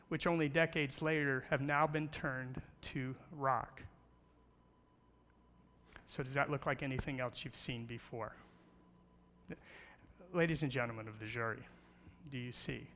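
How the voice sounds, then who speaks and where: With a mid-range voice and sharp tone, a middle-aged man gives a playful church talk with slides, asking questions and telling jokes as a guest speaker on creation. There's a little hiss or hum, and the large church hall produces long reverb.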